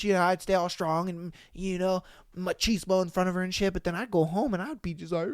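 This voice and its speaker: A young man hosting a live podcast stream, talking in a loose, animated and profane way. He laughs often between lines. The sound is close and dry, with no room around it. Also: high voice, a little fast, smooth, dry recording. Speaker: podcast host. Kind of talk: casual live-stream chat.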